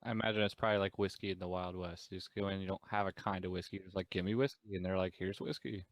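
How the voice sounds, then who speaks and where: A man's voice: sits low, racing. Jokey man role-playing at a game table. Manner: animated, jokey, slipping in and out of character. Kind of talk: casual role-play at the table.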